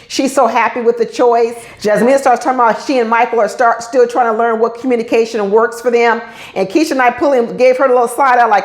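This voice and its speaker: A sassy woman recaps a reality show in casual talk, calling out the cast by name. Her voice sits fairly high. The sound carries an echoey room around it. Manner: opinionated, sassy, scolds the cast directly.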